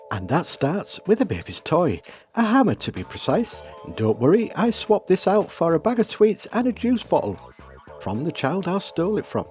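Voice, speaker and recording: A man's voice: fairly high pitch, darkish tone. A British man narrating his own craft build as channel host, with wry, self-deprecating humor. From Britain.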